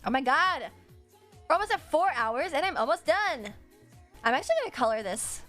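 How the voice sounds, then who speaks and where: A woman's voice: high voice, sing-song, normal speed, a bit bright, faint music behind. A woman streamer chatting casually with her viewers while she draws, swearing freely and laughing often.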